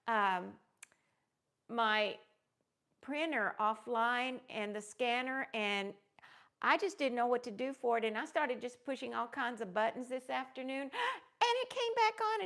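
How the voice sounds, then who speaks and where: A woman chats her way through a crafting livestream, warmly rambling and greeting viewers one by one. Her voice sits high, with a gravelly, creaky edge running through it. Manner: gushing, greets viewers by name; rambling with many fillers. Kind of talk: casual live-stream chat.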